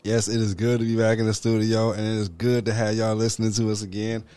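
A man's voice: on the low side, level tone, fast, dark tone, clean tone, no echo. A man hosting a podcast in a studio, reacting with profane disbelief and mocking what others say. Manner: incredulous, profane reactions, mocking put-on quotes. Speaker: podcast host. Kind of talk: crude casual banter. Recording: dry studio.

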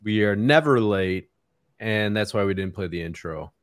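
A man with a slightly low voice keeps a casual podcast chat on track. He steps in to call the others to order and hands the story over. The sound is dry, with no room around it. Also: moderate pace, no echo. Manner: steers the talk, calls the others to order. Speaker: podcast host.

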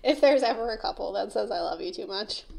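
A woman's voice: medium pitch, lively intonation, brisk, creaky, a crowd in the background. A woman co-hosting a podcast in casual chat, playful and giggly. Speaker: podcast co-host.

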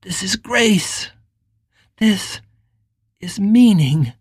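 A woman voicing a grieving man, hushed and earnest. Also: medium pitch, expressive, very slow, husky, no room sound, studio quality, exaggerated voice. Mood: awed. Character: grieving man torn by a reunion with his dead lover.

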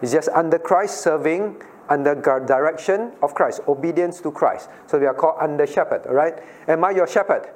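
Male pastor, higher voice, teaching a Bible class and quizzing listeners by name, repeats key points. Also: a little fast. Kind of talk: interactive Bible study teaching.

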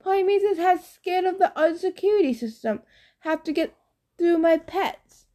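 A woman's voice: very high-pitched, expressive, normal speed, warm tone, voice pushed up. A woman voicing a boastful, brutish male cyclops in an audiobook, talking in clipped broken phrases. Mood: gloating. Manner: clipped broken speech, gloating.

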